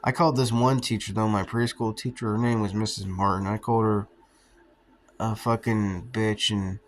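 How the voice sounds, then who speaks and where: This vlogger is a young man whose fairly low voice stays level and moves at normal speed. He wanders through tales from his childhood in a loose, profane, offhand way, frequently cracking himself up.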